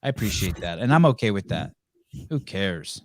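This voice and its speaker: A man hosting a podcast, joking and swearing, slipping into loud mocking voices. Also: sits low, very animated, normal speed. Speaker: podcast host. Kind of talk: casual podcast banter.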